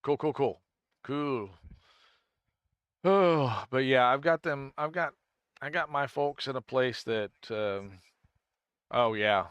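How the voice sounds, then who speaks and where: A man's voice: medium pitch, slow, pauses often, a bit bright, clear, resonant tone, no room sound, muffled recording. A man streaming a game, chatting casually with viewers and thinking aloud, often restarting his sentences. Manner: rambling, thinks aloud, answers chat; frequent self-restarts. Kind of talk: casual live-stream chat.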